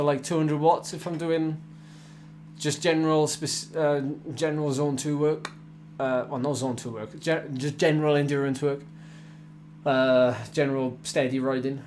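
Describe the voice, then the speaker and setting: A man's voice: fairly high pitch, a little mellow, slight background noise. A man in his twenties chatting casually with viewers on a cycling live stream, rambling with fillers and restarts, tired after a hard effort. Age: 20s. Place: home indoor training room.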